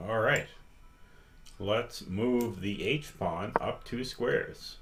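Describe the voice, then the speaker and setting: A man's voice: fairly low pitch, noisy background. A man teaching chess on a live stream, patiently reading out viewers' votes and inviting them to join in. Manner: slow, patient, reads out chat votes. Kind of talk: interactive live-stream lesson.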